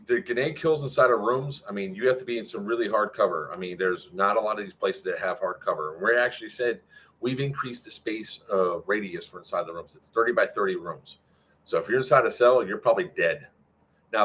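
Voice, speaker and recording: A man organizing an airsoft event gives a casual, rambling livestream update, full of fillers, while answering chat's questions. His voice is lowish and fairly bright, a little fast, with a breathy edge.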